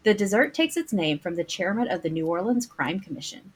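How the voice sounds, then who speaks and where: A woman's voice: lowish voice, big pitch swings, a little fast, a little hiss or hum. A woman hosting a trivia game, reading questions aloud and playfully teasing the players.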